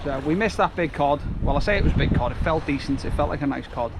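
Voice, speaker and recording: Quick-paced and on the high side, this man's voice has lively intonation as he vlogs about fishing from a windy riverbank, chatty, grumbling and self-deprecating. Loud wind rumbles on the mic throughout.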